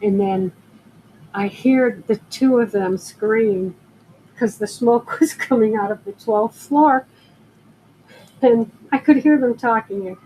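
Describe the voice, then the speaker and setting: An older woman sells jewelry on a live stream, her voice on the high side and warm, moving slowly with long pauses. She chats casually, rambling through stories and greeting viewers as they drop in. The audio is poor, with slight background noise.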